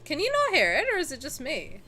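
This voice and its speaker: A young woman streamer chatting casually with her viewers on a headset, cheeky and animated, swearing and laughing freely. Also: high voice, fast, soft background music. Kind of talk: casual live-stream chat. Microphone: headset with headphones.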